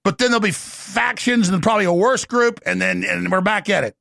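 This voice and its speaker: Gravelly ranting man, high voice. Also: fairly quick. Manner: gravelly, shouting, mocking impressions. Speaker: political talk show host. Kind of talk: ranting political commentary.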